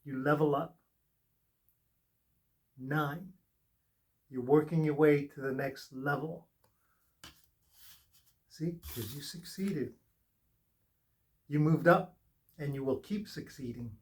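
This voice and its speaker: A man reads tarot cards in a spiritual session, speaking slowly and earnestly. His voice sits a little high for a man. He keeps repeating short, reassuring phrases. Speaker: tarot reader.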